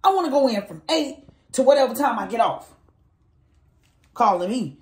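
A woman vents to her handheld phone camera in an animated, exasperated way. Her voice sits a little high and swings all over. The room gives it a noticeable echo. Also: normal speed. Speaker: vlogger. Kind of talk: casual venting to camera.

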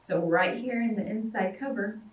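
A woman reading a picture book aloud to children as a librarian at storytime, lively and dropping to soft whispers. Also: medium pitch, moderate pace. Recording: roomy, mic at a distance.

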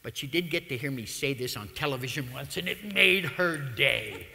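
A man, telling stories through a public talk in a humorous, animated manner. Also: mid-range voice, moderate pace, creaky. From United States. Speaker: lecturer. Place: lecture hall. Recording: long reverb of a lecture hall.

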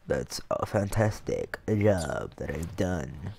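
A young man giving jokey let's-play commentary over a game, excitable, with sudden yelps and shouts. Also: fairly low pitch, slow pace, soft background music. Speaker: gaming YouTuber.

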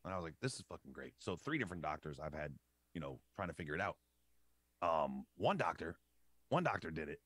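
A man's voice: rumbling low, very animated, quick pace, a bit bright, dry recording. A young man telling a profane story in a casual podcast chat.

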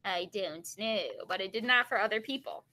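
A woman reading a children's chapter book aloud, pausing to explain the story in plain, casual words. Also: mid-range voice, pushed and bright, poor audio.

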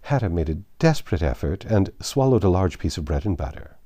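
A man narrating a classic children's book in an expressive storytelling manner. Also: low-pitched, brisk, hardly any pauses. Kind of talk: audiobook reading of a classic.

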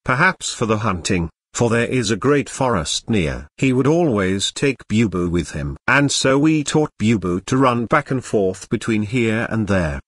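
A text-to-speech male voice giving scripted audiobook narration in an even machine-read manner. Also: on the low side, unhurried, few pauses, husky, no room sound.

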